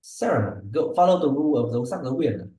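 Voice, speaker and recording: A man's voice: mid-range voice, very fast, warm tone. A man tutoring a student one-on-one on English speaking, giving pronunciation feedback and checking in often with "yeah?" and "okay?". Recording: echoey room.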